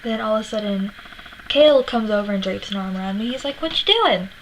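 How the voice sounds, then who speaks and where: A woman's voice: medium pitch, fast talker, a little hiss or hum, low-quality recording. A young woman from Florida telling a story to her vlog audience in a chatty way, acting out quotes, laughing and swearing now and then. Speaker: vlogger. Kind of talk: casual storytelling.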